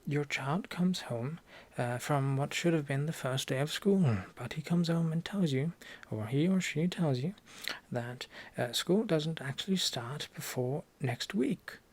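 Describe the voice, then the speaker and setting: A young man with a Norwegian accent in a whispered role-play as a language teacher, speaking softly and haltingly with deadpan jokes, close to the mic. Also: a little high. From Norway. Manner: soft-spoken, halting, deadpan joking. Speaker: ASMR creator playing a language teacher.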